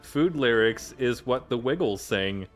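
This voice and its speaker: A man's voice: mid-range voice, lively intonation, a little slow, faint music behind. A man co-hosting a gaming stream who chats casually, teasing his partner and swearing freely.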